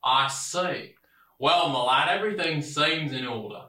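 A man's voice: fairly high pitch, unhurried, sharp tone, echoey room. A man playing a smug, folksy small-town sheriff who talks down to people, tacking on "eh?" and "lad" in an audio drama. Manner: patronizing, sing-song, tags lines with "eh?" and "lad".

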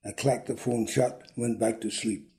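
A man reading a short story aloud in a dry, deadpan manner. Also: mid-range voice, normal speed, vocal fry. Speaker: reader.

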